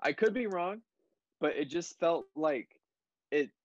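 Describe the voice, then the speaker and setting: A man's voice: on the high side, expressive, measured pace. Tipsy rambling man on a dull mic. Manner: rambling, backtracks often. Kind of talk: casual movie discussion.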